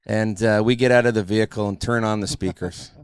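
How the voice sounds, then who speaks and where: With a clean tone and studio-quality recording free of room sound, a middle-aged podcast host tells stories in casual chat and acts out others' remarks as an animated storyteller. His voice is fairly low-pitched and he talks a little fast.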